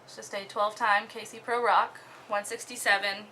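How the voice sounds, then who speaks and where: A young woman from Oklahoma casually talking through her disc golf bag, relaxed, with many ums and the odd giggle. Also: medium pitch, moderate pace, a little hiss or hum. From Oklahoma, USA. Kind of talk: casual show-and-tell.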